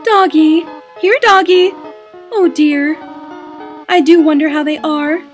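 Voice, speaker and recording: A woman voicing a gentle, motherly goat-monster woman who speaks formally and politely while reading game dialogue aloud. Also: high-pitched, takes it slowly, soft background music, voice pushed up. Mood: calling sweetly. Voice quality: formal, soft-spoken, old-fashioned phrasing.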